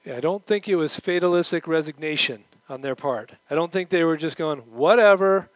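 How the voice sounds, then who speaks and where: Male pastor preaching, middle-aged, lively and animated, slightly high voice, dry close mic. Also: brisk, no echo, poor audio. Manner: animated, acts out quoted voices; moves around while preaching. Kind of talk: sermon.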